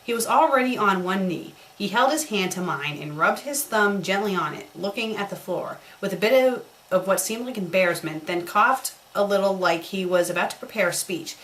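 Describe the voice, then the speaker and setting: A woman's voice: mid-range voice, normal speed, hardly any pauses, a bit bright, slight background noise, low-quality recording. A woman doing a comedic dramatic reading of a bad fan story, breaking off for sarcastic, mocking remarks. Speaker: fanfiction critic.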